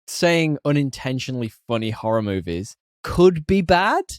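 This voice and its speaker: Lively laughing male podcast co-host. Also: medium pitch, moderate pace, dry recording, studio quality. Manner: laughs often, animated and upbeat. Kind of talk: casual podcast banter.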